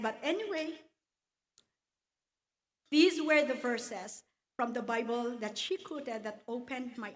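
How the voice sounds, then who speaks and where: A woman telling her personal faith testimony at a church luncheon, slow and earnest, quoting scripture along the way. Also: on the high side. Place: church hall.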